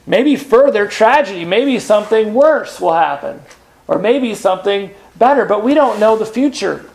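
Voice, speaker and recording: A man preaching a sermon in an earnest, unhurried way, pausing with "uh" and asking rhetorical questions. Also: sits high, animated, gravelly, darkish tone. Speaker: pastor.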